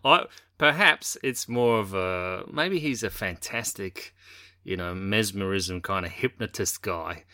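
Wry Australian male co-host, bright edge, dry close mic. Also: low voice, measured pace, dry recording. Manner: wry, playful teasing. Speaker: podcast co-host. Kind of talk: casual sports chat.

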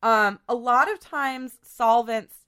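A woman hosting a podcast in a casual chat, hoarse from a cold, chatty and full of fillers. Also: on the high side, takes it slowly, bright, forceful tone. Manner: chatty, filler-heavy, laughs often. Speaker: podcast host.

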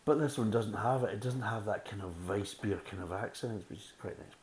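A man's voice: lowish voice, brisk, darkish tone, low-quality recording. A man reviewing beer in a casual, blunt, rambling way, repeating himself often. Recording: faint background hiss.

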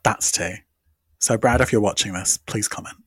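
A man's voice: fairly low pitch, breathy edge, no room sound, studio quality. A man co-hosting a podcast in casual, joking chat. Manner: playful, joking, quick to laugh. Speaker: podcast co-host.

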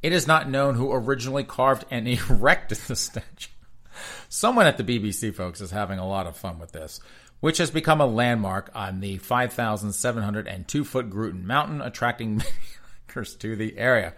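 A man's voice: medium pitch, animated, moderate pace, fairly bright tone. A man hosting comedic news commentary with a sarcastic, mocking delivery and frequent laughter. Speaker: host.

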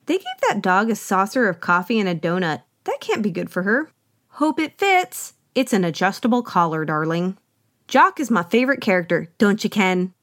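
A woman's voice: mid-range voice, no room sound, studio quality. A woman hosting a podcast, giving a chatty, wry solo recap of a film with playful asides. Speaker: podcast host. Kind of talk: solo movie recap commentary.

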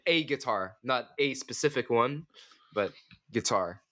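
A man's voice: mid-range voice, animated, unhurried, pushed and bright. A man co-hosting a casual movie podcast, chatting in an easygoing way with laughing asides. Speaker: podcast co-host.

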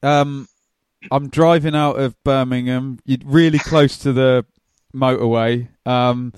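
A man's voice: medium pitch, fairly even intonation, slow pace, clear, resonant tone, no room sound, clean studio sound. A man from England co-hosting a casual football podcast, telling anecdotes with easy laughter. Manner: chatty storyteller, laughs through anecdotes. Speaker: podcast co-host.

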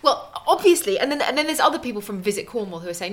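A woman chatting casually as a podcast co-host, brisk and teasing as she chides her partner. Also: mid-range voice, big pitch swings. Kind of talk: casual chat.

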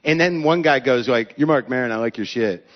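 A man's voice: mid-range voice, fairly quick, big-room sound. A male podcast host chatting live on stage, casual and profane, telling his own story. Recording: dull live stage recording.

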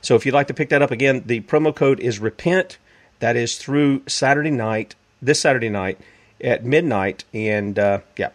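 A man with a Southern US accent hosting a talk show, speaking in a folksy, conversational way and plugging a product. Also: mid-range voice. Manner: folksy, conversational, frequent fillers. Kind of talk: casual radio-style commentary with product plug.

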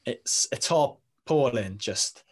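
A man's voice: medium pitch, animated, slow pace, slightly rough. A young English man with a London or Leicester accent, talking as a podcast guest in a rambling, self-interrupting, jokey way. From England. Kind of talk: casual interview chat.

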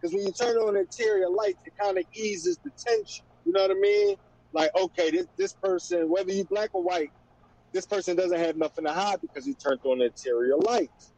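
A middle-aged man, talking in a relaxed casual chat and repeating "you know what I mean". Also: high-pitched, fairly quick, dry recording. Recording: dry, dull lo-fi sound.

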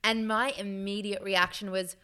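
Young woman, podcast co-host, casual chat, bright tone, clean smooth voice, animated storyteller. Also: medium pitch, normal speed. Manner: animated storyteller, acts out quotes.

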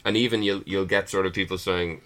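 Deep-voiced Irish man, wry and outspoken. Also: steady tone, brisk, a bit bright. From Ireland. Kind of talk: casual chat.

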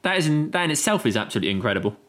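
A man's voice: fairly high pitch, sing-song, rapid-fire, fairly bright tone. A man co-hosting a football podcast, adding dry facts and reading listener emails aloud. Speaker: podcast co-host.

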